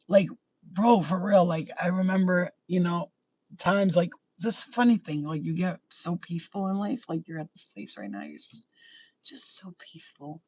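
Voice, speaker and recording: A young woman with a fairly low, darkish, husky voice gives a casual intuitive reading as a spiritual channeler, rambling and emotional, often swearing and laughing. The recording sounds dull, lo-fi and dry.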